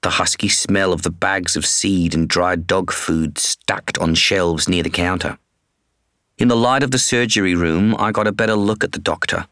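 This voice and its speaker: A man with a very low voice reads a first-person story in a measured, somber way. He is close to a studio mic. The sound is completely dry, with no room echo. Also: a bit bright. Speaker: audiobook narrator. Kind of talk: first-person scripted narration.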